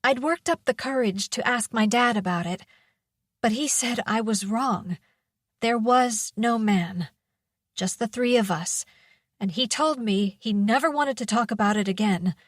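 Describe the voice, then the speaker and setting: Casting note: woman thriller narrator, unhurried and tense, dry studio read. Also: fairly high pitch, dry recording. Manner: slow, measured, tense. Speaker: audiobook narrator. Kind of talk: first-person thriller audiobook narration.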